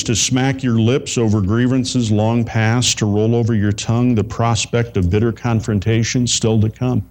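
Low-voiced preacher stretching key phrases. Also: male voice, a little mellow. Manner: slows down to stress key phrases, repeats lines for effect. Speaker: pastor. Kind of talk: sermon.

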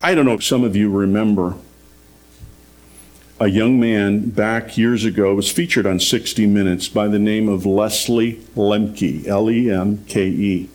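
A man's voice: on the low side, fairly even intonation, measured pace, a little mellow. A man preaching a radio sermon, telling a story earnestly and rising in emphasis on his key points.

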